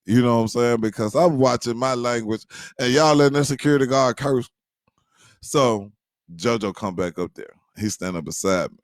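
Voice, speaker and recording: A man casually telling a funny personal story to his viewers, animated, addressing them directly and often checking that they follow. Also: medium pitch, moderate pace, no room sound, clean studio sound. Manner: animated, addresses listeners directly, many fillers.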